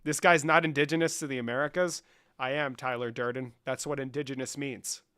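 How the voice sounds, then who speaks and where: A man's voice: medium pitch, steady tone, fairly quick, bright, forceful tone, clean tone, no echo, studio quality. A young man from Mexico streaming from his room, talking casually to his chat, swearing, mocking and breaking into laughter. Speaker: livestreamer.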